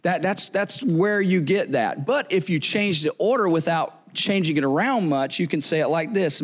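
A male pastor with a fairly high-pitched voice delivers a sermon in a loose, conversational way. He jokes with the congregation, stumbles over repeated words and keeps checking in with "right?" and "you know?". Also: animated, normal speed, hardly any pauses.

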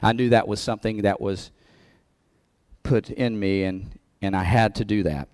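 A man's voice: fairly low pitch, fairly even intonation, normal speed, a little mellow, no room sound. A man preaching as pastor of his church, talking conversationally and laughing between points, building to emphatic peaks. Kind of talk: sermon.

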